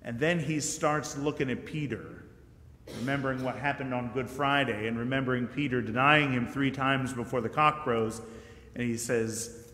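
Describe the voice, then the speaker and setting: A man's voice: medium pitch, measured pace, fairly bright tone. Joking, chatty man preaching in an echoey church. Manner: conversational, jokey, asks the congregation questions. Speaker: guest preacher. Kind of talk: sermon. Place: church sanctuary.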